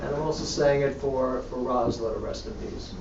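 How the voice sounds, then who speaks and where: In a synagogue sanctuary, a man with a medium-pitched voice and vocal fry leads the prayer service at a moderate pace, reciting prayers and making chatty, joking asides to the congregation between them. The recording is distant, echoey, and dull, with congregation noise in the background.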